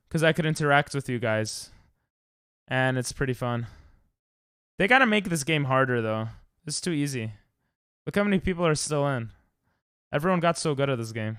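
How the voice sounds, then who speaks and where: A young man chats loosely with his stream while playing, rambling and then yelping whenever the game goes wrong. His voice sits a little high and comes through smooth and clear. The close mic is dry, with no room sound. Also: animated, normal speed, no echo. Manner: rambling, loud yelps when dying in game. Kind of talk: casual live-stream chat while gaming.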